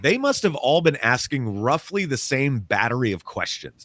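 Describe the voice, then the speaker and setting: Man, paranormal author, casual storytelling, animated pitch, acts out quotes, dry sound. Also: normal speed, no echo.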